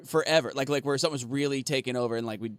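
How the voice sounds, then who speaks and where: A man's voice: mid-range voice, racing, clean tone, no echo. A man co-hosting a casual podcast, rambling, laughing and swearing freely. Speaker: podcast co-host.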